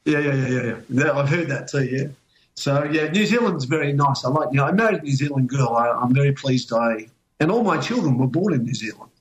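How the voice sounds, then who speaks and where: A man's voice: mid-range voice, animated, a little fast, poor audio. An older man with an Australian accent, telling long stories in casual chat, rambling with many fillers and restarts.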